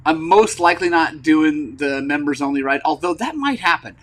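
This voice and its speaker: A man hosting a motorcycle channel in casual rambling vlog chat, frank and frustrated, with lots of fillers and throat clearing, recovering from an injury. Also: on the high side, expressive, normal speed, fairly bright tone, rough recording. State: recovering from injury, wearing a brace.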